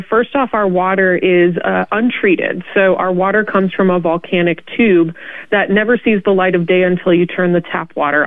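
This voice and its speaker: A woman, a city mayor, answering radio interview questions in a steady, informative way with frequent ums. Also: on the low side, dry recording. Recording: tinny phone line.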